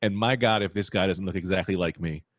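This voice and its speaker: A man co-hosting a casual comedy podcast, telling jokey stories with quick asides. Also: low-pitched, no room sound, clean studio sound. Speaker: podcast co-host.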